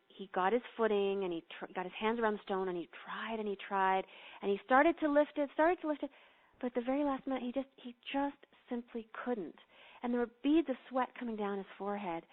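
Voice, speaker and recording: Woman guiding a meditation over a phone line. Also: on the high side. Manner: earnest, gently instructive. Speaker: guest. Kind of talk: storytelling and guided meditation.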